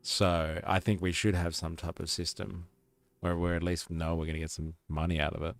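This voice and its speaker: A man's voice: low-pitched, flat delivery, moderate pace, gravelly, dry recording, faint music behind. A young man with an Australian accent, chatting casually on a live stream and reading out viewer comments. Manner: rambling, reads chat aloud.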